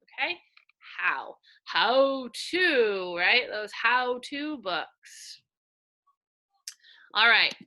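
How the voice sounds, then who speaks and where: A woman teaches sight words to young children in a slow, sing-song voice. Her tone is very bright and a little high, and she stretches out each word. She sounds animated and patient as she points through her pictures. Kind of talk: early-reading lesson for young children.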